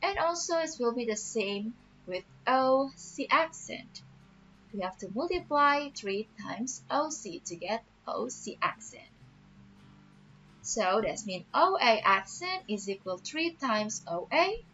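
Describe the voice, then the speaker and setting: A woman teacher explaining a math lesson patiently, repeating each step slowly. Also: a little high, lively intonation, a bit bright. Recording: dull lo-fi audio with faint music.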